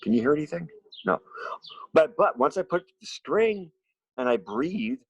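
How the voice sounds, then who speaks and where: A man teaching a music lesson to his students from home, explaining slowly and simply and asking them questions. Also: on the high side, slightly rough, dry recording, muffled recording. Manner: slow, simple explanations with lively questions to children. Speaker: special education music teacher.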